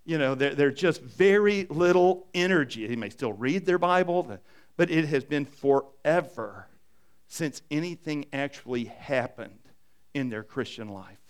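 A man's voice: fairly high pitch, animated, unhurried, clear, resonant tone. An older man, a pastor with grandchildren, preaching a sermon in a conversational way with frequent restarts.

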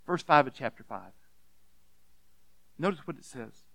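A man preaching a sermon as pastor, earnest and emphatic, often restarting with repeated words and dropping to a hush on key points. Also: mid-range voice, big pitch swings, measured pace, creaky, no echo. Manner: earnest, repeats words when restarting, swings between loud emphasis and hushed softness.

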